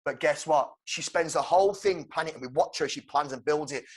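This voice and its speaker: A man co-hosting a podcast, excitedly pitching a film plot with swearing and shouted sound effects. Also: brisk, breathy edge. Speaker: podcast co-host. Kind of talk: animated movie-pitch storytelling.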